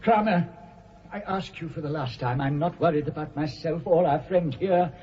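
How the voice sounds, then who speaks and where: An actor playing an earnest, pleading captive scientist in a 1940s-style radio drama. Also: male voice, on the high side, normal speed, dark tone, lightly acted. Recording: dull old radio recording with hiss.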